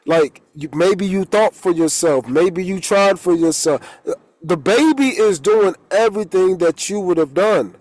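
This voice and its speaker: A man's voice: sits high, lively intonation, measured pace, a little mellow, no echo, rough recording. A man, a holistic coach, giving a rambling, casual spiritual talk and swearing when he gets heated.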